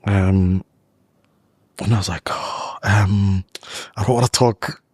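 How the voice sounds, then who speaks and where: A man's voice: fairly low pitch, fairly even intonation, slow pace, breathy edge, dry recording, clean studio sound. A man speaking as a guest in a podcast interview, telling a personal story in a loose, chatty way full of "like" and "you know".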